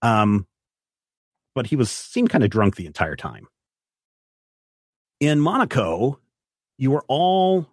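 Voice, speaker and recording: A man's voice: mid-range voice, slightly rough, no echo, clean studio sound. Man narrating as game master. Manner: descriptive narration with rules explanations, some restarts.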